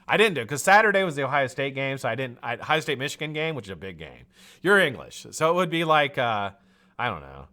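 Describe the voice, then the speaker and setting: A man's voice: mid-range voice, fast. A man from the United States hosting a live stream, greeting viewers by name in a loose, chatty way and drifting into tangents. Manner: lively, chatty, jumps between shout-outs and tangents. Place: home studio.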